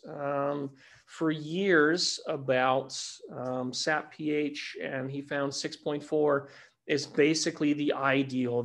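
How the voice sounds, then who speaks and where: A man co-hosting a casual live webinar Q&A, with a somewhat high voice and a gravelly edge. He explains things in a relaxed way, repeating phrases as he thinks them through. He is heard over a video call microphone. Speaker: webinar co-host answering grower questions.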